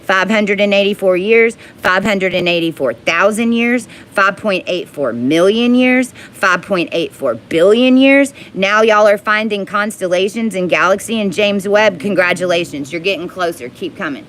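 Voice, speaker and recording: A woman in an angry, profane monologue to her viewers, rising into yelling. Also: medium pitch, unhurried, hardly any pauses.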